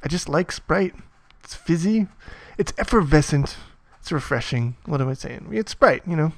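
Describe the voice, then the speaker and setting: A man's voice: a little high, expressive, normal speed, no echo, clean studio sound. A man narrating a casual coding tutorial as he types, muttering, swearing often and mocking himself. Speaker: programming tutor.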